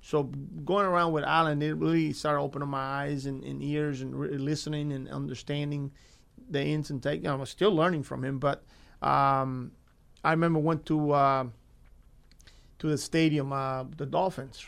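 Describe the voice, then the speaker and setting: A man, a former baseball coach, talking in a casual interview in an earnest way, often repeating himself and filling pauses. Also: fairly high pitch, level tone, creaky. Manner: earnest, repeats words, frequent fillers.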